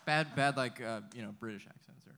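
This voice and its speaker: A man in casual podcast chat, halting and searching for his words. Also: medium pitch, heavy background noise.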